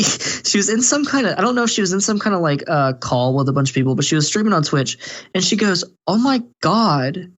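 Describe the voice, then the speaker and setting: A man's voice: medium pitch, fairly bright tone. Young man, podcast co-host, rambling rant, profane, lots of fillers, dull lo-fi sound.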